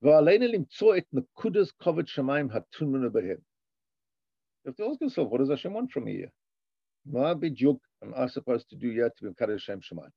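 A man teaches from a text in a gravelly, husky voice. His pitch lifts into a chant on the passages he reads before he drops back to explain them. The recording sounds dry and dull. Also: fast talker, dry recording. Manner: animated, sing-song rises on the read passages. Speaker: Torah teacher. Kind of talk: lecture reading a text and translating.

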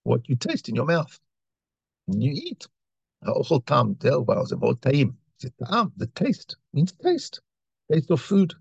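Gravelly man teaching a Torah class. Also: mid-range voice, huge pitch swings, measured pace, no room sound, muffled recording. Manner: reads Hebrew lines then translates, with repetitions and restarts. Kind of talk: Torah class explaining texts.

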